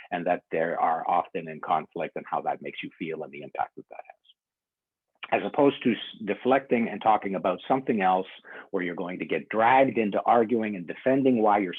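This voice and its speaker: Brief: male workshop speaker with a husky voice, animated storyteller who acts out dialogue, heard through a thin, phone-like recording. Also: low voice. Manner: animated, acts out both sides of a conversation. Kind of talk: storytelling conference workshop talk.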